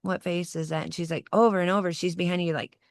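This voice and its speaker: Woman in her forties, podcast guest, low gravelly voice, lively storyteller who acts out quotes, dry close sound. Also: quick pace, no room sound. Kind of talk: personal storytelling in casual conversation.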